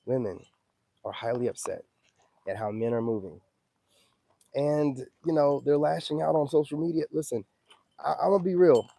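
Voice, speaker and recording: Dark-voiced man ranting on a livestream. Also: a little high, moderate pace, vocal fry, long pauses, no room sound. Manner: loose, emphatic, keeps asking "you know what I'm saying". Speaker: livestream host. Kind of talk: casual livestream chat.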